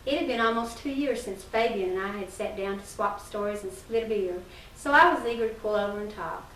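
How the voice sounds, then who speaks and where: A woman reading a humorous first-person short story aloud in a measured storytelling delivery, with a few small slips. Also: mid-range voice, a bit bright. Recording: roomy distant early-1990s recording with faint hiss.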